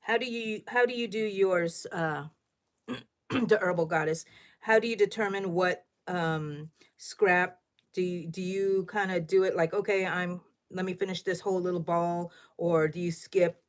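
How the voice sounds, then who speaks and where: On her casual crochet livestream, a middle-aged woman with a lilt speaks unhurriedly, with fairly even intonation and a voice slightly low for a woman. She's a little loud, chatty, and thinks aloud as she works, frequently putting questions to her viewers.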